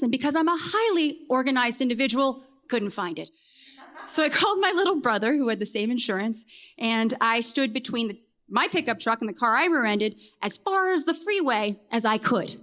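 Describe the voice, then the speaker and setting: A woman with a fairly high voice tells a personal story on stage. Her delivery is wry and self-deprecating, and she lands punchlines deadpan. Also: fairly quick. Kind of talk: comedic live storytelling.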